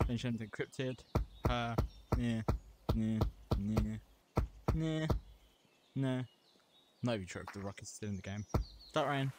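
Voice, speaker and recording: A man's voice: lowish voice, fairly even intonation, measured pace, long pauses. A young man casually walking through a game mod menu, reading out items in short offhand bursts. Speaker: gameplay reviewer. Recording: loud background noise.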